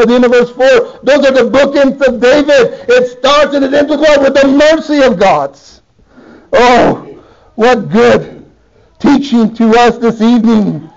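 A man's voice: very high voice, vocal fry, darkish tone, highs cut off. A man preaching an evening sermon, pleading and fervent, his voice rising to impassioned cries.

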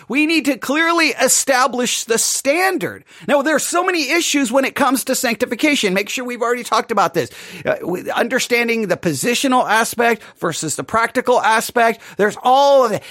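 A man's voice: high-pitched, fairly bright tone, no echo, clean studio sound. A man teaching a casual Bible study podcast, talking conversationally and checking in with listeners by asking "right?" throughout.

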